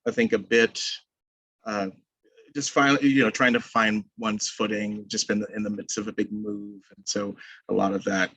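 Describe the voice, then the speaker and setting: A man poet and teacher introducing his reading from home over a video call, halting and full of fillers. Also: fairly low pitch, little pitch movement, pushed and bright, no echo, poor audio.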